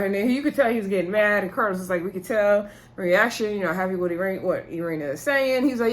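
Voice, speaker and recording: A woman's voice: medium pitch, fairly even intonation, moderate pace. A woman vlogger chats her way through a reality show recap in a loose, conversational voice. She leans on fillers and acts out the cast's lines as she retells the arguments. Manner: chatty retelling with filler words, acting out quotes. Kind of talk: casual recap chat.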